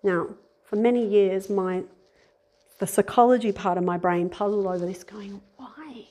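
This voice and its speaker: A woman giving a conversational sermon, animated, acting out little voices and laughing at herself. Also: medium pitch, moderate pace. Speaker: speaker giving a talk.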